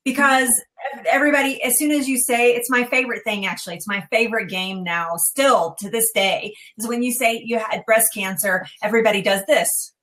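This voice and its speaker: Frank, higher-pitched woman telling stories. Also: fairly even intonation, brisk, a bit bright. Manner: frank, chatty storyteller. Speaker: breast cancer survivor guest. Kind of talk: casual panel chat.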